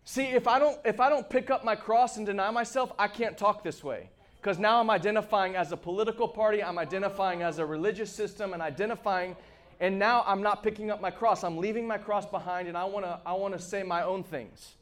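A man preaching a sermon with passion, moving between shouts and hushed asides. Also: sits high, a little fast.

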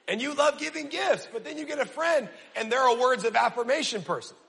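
A young man preaching a casual, energetic sermon, using slang and quizzing his audience. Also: extremely high pitch, fairly quick, vocal fry, hardly any pauses. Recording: long reverb of a large hall.

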